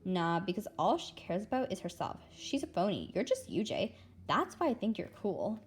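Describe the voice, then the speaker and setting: A woman's voice: mid-range voice, sing-song, normal speed, natural voice. A woman voicing an easygoing, teasing teenage boy who talks bluntly, in a read-aloud of a children's novel.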